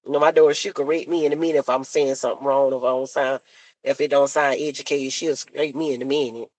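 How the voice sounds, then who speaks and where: A woman's voice: rumbling low, fairly even intonation, fast, a little mellow. A middle-aged woman chatting casually to her live-stream viewers, repeating herself and laughing easily. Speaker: live-stream content creator.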